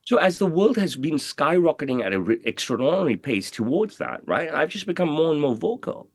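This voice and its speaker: A man's voice: a little high, big pitch swings, a little fast, dry recording. A man giving an interview in casual talk, swaggering and profane, rambling with lots of repeated fillers. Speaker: interview guest, tailor.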